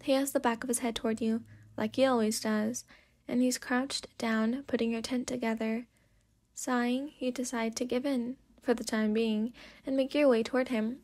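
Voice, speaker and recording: A woman softly reading a second-person story in a sleepy whispered role-play. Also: on the high side, fairly even intonation, moderate pace. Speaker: fanfic reader.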